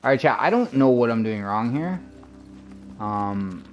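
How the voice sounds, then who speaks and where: A man streams a game and chats loosely with his viewers, dropping lots of "like" and "you know" as he reacts to the action. His voice sits in an ordinary middle range. Loud gunfire from the game runs underneath his voice. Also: mid-range voice, lively intonation, a little slow, muffled recording, background noise. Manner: chatty, reactive, filler-heavy, talks to chat. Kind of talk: casual live gameplay commentary. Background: game gunfire and ambience.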